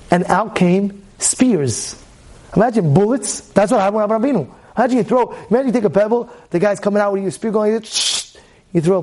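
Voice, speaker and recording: A man with a high voice teaches a Torah lesson as a lively story. He keeps firing repeated rhetorical questions at his listeners and suddenly gets loud at the big moments.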